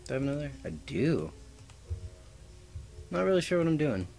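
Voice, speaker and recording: A man's voice: a little high, very animated, moderate pace, gravelly, darkish tone, faint music behind. A man giving casual gameplay commentary as a let's player, goofy and talking to himself with little sound effects. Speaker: let's play gamer.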